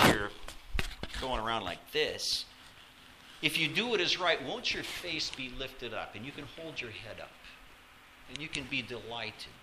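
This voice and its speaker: A man preaching a sermon in a church, swinging from loud, dramatic lines to hushed ones. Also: mid-range voice, expressive, unhurried, slight background noise, poor audio. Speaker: pastor.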